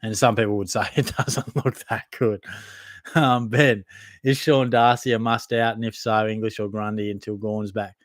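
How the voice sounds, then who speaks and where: With a lowish voice, fairly even intonation and a moderate pace, a young man with an Australian accent fronts a live Q&A for his fantasy football podcast. He reads viewers' comments and answers in a relaxed, matey way, often laughing at himself, in a dry studio-quality recording.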